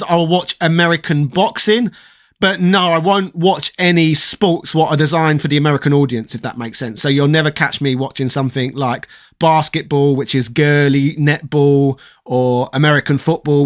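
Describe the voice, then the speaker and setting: A man of around forty speaks in a put-on posh English accent, a persona voice he keeps up over his London upbringing. His voice sits a little high. He chats loosely and bluntly as a stream host reading comments, swearing as he goes. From southeast London, England. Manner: mock-posh, opinionated, swears freely. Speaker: host reading live chat. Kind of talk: casual livestream chat.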